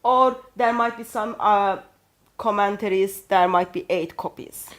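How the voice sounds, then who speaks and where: Turkish woman, non-native English, mid-pitched, careful and halting. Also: fairly bright tone. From Turkey. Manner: hesitant, careful, frequent ums and self-corrections. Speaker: co-host. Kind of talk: apologetics discussion.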